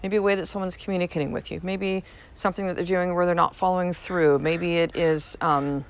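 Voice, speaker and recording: With a fairly low pitch and a steady tone, a woman in her thirties talks fairly quickly on her home podcast. Recorded on a podcast mic, the casual motivational chat is frank and casually profane, and she repeats herself for emphasis.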